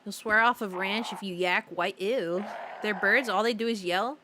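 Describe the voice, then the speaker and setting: Against a noisy background, a young woman speaks at medium pitch and a moderate pace. She's playing a game on stream, casually talking with viewers, giggling a lot and wandering off track as she reads out their comments.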